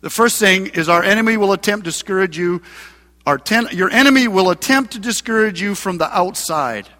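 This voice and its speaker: A male pastor preaching a sermon in a church, emphatic and building to loud passages. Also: sits high, a little fast. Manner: preaching with rising, emphatic mocking voices for scripture. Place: church sanctuary. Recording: long hall reverb.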